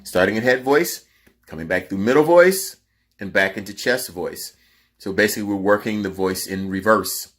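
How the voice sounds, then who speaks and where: A man's voice: on the low side, moderate pace, fairly bright tone. A man teaching singers a vocal cooldown in a casual, emphatic way, his voice sounding tired. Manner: emphatic, instructive. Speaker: vocal coach.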